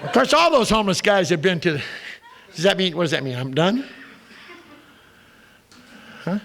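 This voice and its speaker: High-voiced, gravelly older comic man. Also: big pitch swings, moderate pace, slight background noise. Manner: profane, wisecracking, punchline-driven. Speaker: recovery meeting speaker. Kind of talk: comic storytelling talk. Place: recovery meeting room.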